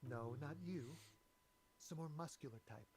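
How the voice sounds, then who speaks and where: An actor playing a nervous young man on a balcony, speaking in a quiet, lowered voice. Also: measured pace, slight background noise, natural voice. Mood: guarded. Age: young adult.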